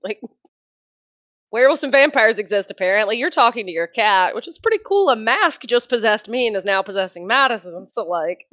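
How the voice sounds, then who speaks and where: A woman's voice: fairly high pitch, expressive, a little fast, fairly bright tone, muffled recording. A woman playing in a tabletop game, chatty and full of questions. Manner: chatty, questioning, laughs a lot. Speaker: player. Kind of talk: casual game chat.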